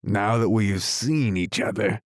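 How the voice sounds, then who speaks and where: An eager, sly male unicorn who cries out his lines, as a male narrator puts him on. The voice sits low and dry, close to the mic, in a storybook reading. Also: no room sound, lightly acted. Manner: eager, quick to cry out. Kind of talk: audiobook character reading.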